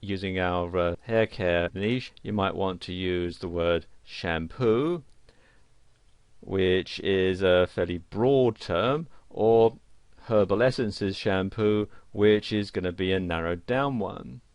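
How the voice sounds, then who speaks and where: Man, lowish gravelly voice, dry close sound, for tutorial narration. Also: slow pace, a little mellow, no room sound. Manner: plain explanatory delivery with fillers. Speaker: course instructor. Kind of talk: screen-recorded tutorial narration.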